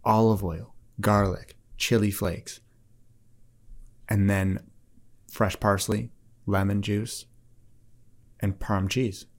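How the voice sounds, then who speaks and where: A man's voice: lowish voice, little pitch movement, takes it slowly, long pauses. A man from Canada, an author and poet, co-hosting a podcast in easygoing casual chat. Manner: easygoing, laughs along.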